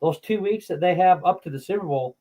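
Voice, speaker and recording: A man co-hosting a casual sports talk show, relaxed, reading listener messages aloud with plenty of you knows. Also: sits high, brisk, dull audio. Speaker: co-host.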